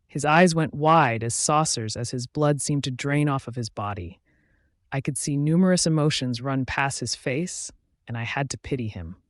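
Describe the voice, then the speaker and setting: A man narrates a romance novel in steady, scripted first-person prose. His voice sits at an ordinary middle pitch. The recording is close and dry, with no room around it. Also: no room sound. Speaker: audiobook narrator.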